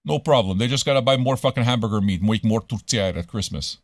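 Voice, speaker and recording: A man's voice: medium pitch, fast talker, dry recording. Profane, rambling man. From Montreal, Canada. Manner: profane, rambling, switches into French. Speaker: radio show host. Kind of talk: casual livestream chat.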